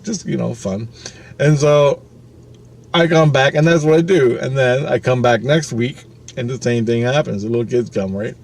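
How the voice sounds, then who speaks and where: A man's voice: medium pitch, moderate pace, creaky, darkish tone. Rambling, profane male storyteller. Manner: rambling, profane, with frequent "right?" asides. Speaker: vlogger. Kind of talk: casual storytelling.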